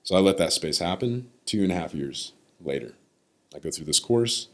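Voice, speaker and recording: A man's voice: sits low, lively intonation, moderate pace. A man in his thirties, a podcast guest, telling a personal story in a reflective way and sometimes acting out what others said. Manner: reflective, acts out the voices of others.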